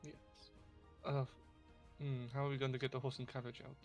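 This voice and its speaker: A man's voice: mid-range voice, flat delivery, a little fast, a little mellow, soft background music. A man playing a tabletop game, often restarting his sentences and teasing the others. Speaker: player. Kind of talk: casual tabletop play.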